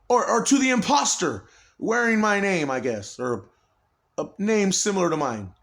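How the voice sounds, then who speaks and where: Man, fairly high voice, agitated rambling monologue, lots of swearing, halting restarts. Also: expressive, a bit bright.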